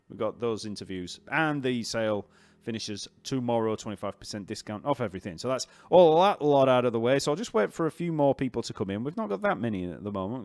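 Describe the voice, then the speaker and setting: A man's voice: medium pitch, dry recording, studio quality. Chatty Yorkshire man hosting a livestream. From Yorkshire, northern England. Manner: chatty and rambling, reads out viewer comments. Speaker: bass teacher hosting a live stream. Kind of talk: casual live-stream chat.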